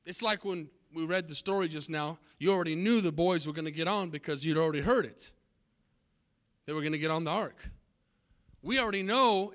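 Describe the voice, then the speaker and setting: A man's voice: sits high, pushed and bright. An older man preaching a sermon, exhorting and addressing his congregation directly.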